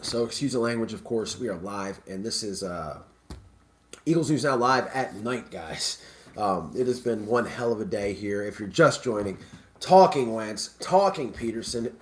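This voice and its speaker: A man's voice: lowish voice, expressive, normal speed. A man hosting a live sports talk stream, rambling and stammering through restarts in casual chat. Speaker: live show host.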